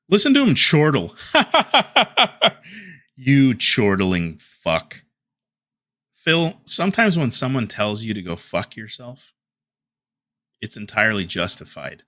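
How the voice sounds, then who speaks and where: A man ranting through heated online commentary, fired up and full of insults. His voice is bright and forward, with a lively pitch that keeps jumping around. The sound is dry and close, with no room around it. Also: measured pace, long pauses, dry recording. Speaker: commentary YouTuber.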